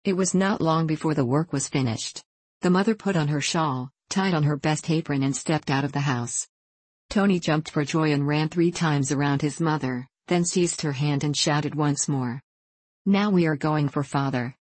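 A woman narrating an audiobook story in a calm, measured way. Her voice sits very low for a woman, and the recording is dry and close with no room around it. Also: slightly rough, dry recording.

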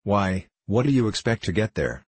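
Man reading as a loud hearty chap piling on scary tall tales, deep husky voice, dry close sound. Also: big pitch swings, normal speed, no echo. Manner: hearty, exaggerating, theatrical warnings. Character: boisterous gossiping young English man, fond of tall tales.

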